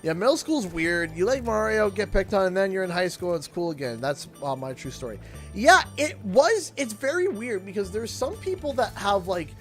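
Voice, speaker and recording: A man's voice: sits high, very animated, moderate pace, a bit bright, faint music behind. A man with a Canadian accent, chatting casually while streaming a game, telling rambling stories with frequent laughter and restarts. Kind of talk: casual chat while gaming.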